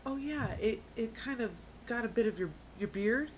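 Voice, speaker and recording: A woman's voice: fairly high pitch, moderate pace, breathy edge, voice pushed up. Woman playing an awkward, tongue-tied archer. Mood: sheepish. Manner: hesitant, repeats herself. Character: awkward woman archer, new to group life.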